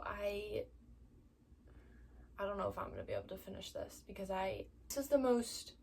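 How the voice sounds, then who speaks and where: A woman vlogging casually about a book she is reading, upset and near tears, dropping to soft whispers and then rising to exasperated outbursts. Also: medium pitch, husky. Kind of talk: reading vlog, casual talk to camera.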